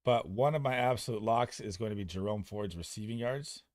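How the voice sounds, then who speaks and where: A young man streaming fantasy football advice in a casual, excitable, profane manner. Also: lowish voice, no echo, clean studio sound. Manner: excitable, profane, talks fast and loose. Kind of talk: casual livestream chat.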